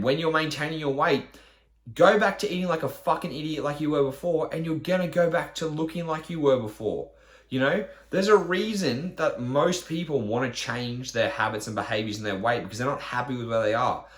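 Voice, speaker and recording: A man, a fitness trainer, ranting bluntly on his podcast with lots of swearing and rhetorical questions. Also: mid-range voice.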